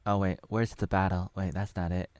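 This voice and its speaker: Smooth-voiced man rambling through a review. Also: low voice, level tone, fairly quick, no room sound. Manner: rambling, loose and offhand. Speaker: movie reviewer. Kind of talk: casual spoken movie review.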